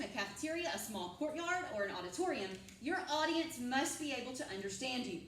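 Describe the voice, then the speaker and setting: Indoors at school, a woman with a high, fairly bright voice leads a drama class, asking students questions and echoing back their replies. The recording comes from a distance in an echoey room, with a little hiss or hum.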